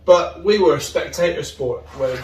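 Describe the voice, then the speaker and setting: A man talks as an interview guest, earnest and open, spilling into long excited tangents. His voice sits a bit high for a man. He is picked up from a distance in an echoey room. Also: moderate pace. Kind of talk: casual interview chat. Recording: roomy, distant mic.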